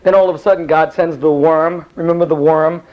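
A male Bible teacher tells the story in a loose, rambling way and slips into the characters' voices. His voice sits a little high, and the recording sounds dull and lo-fi. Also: a little fast. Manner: rambling, animated, acts out the characters. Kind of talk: casual Bible class storytelling.

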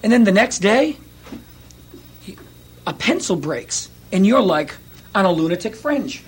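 A male pastor preaching a sermon, telling stories in an animated way and acting out quotes with laughs. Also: high voice, a little slow, a little hiss or hum.

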